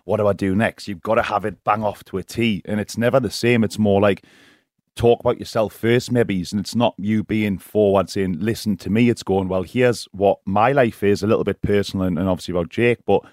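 A man's voice: on the low side, fairly even intonation, brisk, darkish tone, no echo, studio quality. A man being interviewed as a guest on a radio show, frank and rambling, often laughing and asking "do you know what I mean". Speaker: guest, professional escort. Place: radio studio.

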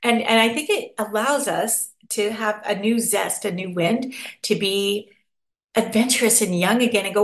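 A woman guest in a relaxed interview, her voice ringing in a noticeably roomy, echoey space. She tells her stories with lively energy, slipping into quoted voices and breaking into laughter, at a middling pitch for a woman. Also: normal speed. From North America. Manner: animated storyteller who acts out quotes and laughs often. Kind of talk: casual interview chat. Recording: echoey room.

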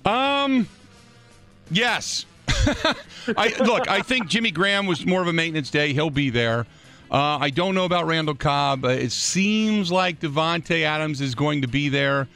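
A man's voice: on the high side, animated, measured pace, gravelly, bright, forceful tone, clean tone, faint music behind. A man hosting a sports radio show, bantering and laughing easily with his guest. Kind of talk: casual sports radio chat.

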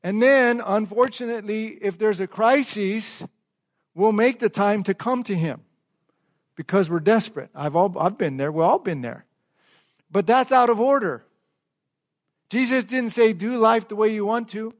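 A man preaching a sermon as pastor, calling on the congregation to repeat phrases and drawing out key words slowly for emphasis. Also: high voice. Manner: call-and-response, asks the congregation to repeat phrases. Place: church service before a congregation.

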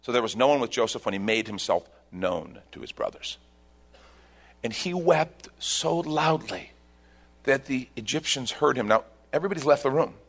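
A male pastor preaching a sermon, retelling a scripture story with emphatic, animated delivery. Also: mid-range voice, moderate pace.

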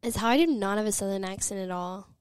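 A young woman co-hosts a podcast, chatty and full of quick asides in casual chat. Her voice is mid-range, clear and resonant, and the recording is dry.

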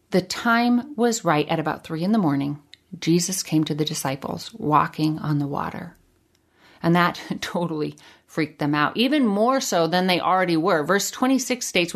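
A woman hosting a devotional podcast, teaching on a Bible passage and leading a prayer in a gentle, earnest way with slow, emphatic pauses. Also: medium pitch. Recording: faint music behind the voice.

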